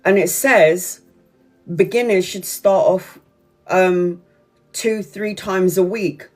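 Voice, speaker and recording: A woman talking casually to her livestream viewers at a middling pitch. She tells her story in loops and repeats herself, dropping swear words as she goes. Faint music plays in the background. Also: takes it slowly. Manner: chatty, repetitive storytelling with frequent swearing. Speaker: tarot reader on a livestream.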